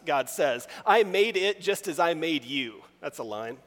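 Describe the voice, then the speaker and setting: Man, sermon, animated scripture reading, slightly high voice, long hall reverb. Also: measured pace, few pauses. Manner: animated, reads scripture with rising emphasis. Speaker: preacher.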